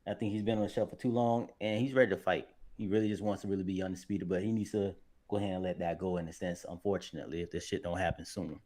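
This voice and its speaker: A male co-host chatting about boxing on a podcast. His voice sits fairly low, and he gives his takes in a relaxed, easygoing way. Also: fast talker. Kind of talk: casual boxing talk.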